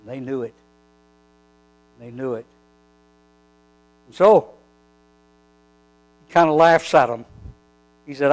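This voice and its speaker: A man preaching a sermon, telling a Bible story with animated storytelling and acting out the dialogue. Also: a little high, measured pace, long pauses, rough recording.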